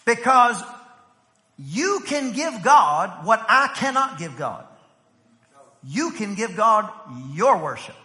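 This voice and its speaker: A pastor, a man in his thirties, preaching an energetic sermon to his church, telling family stories and rising to shouts. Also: sits high, slow. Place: church sanctuary. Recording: long reverb from a church hall.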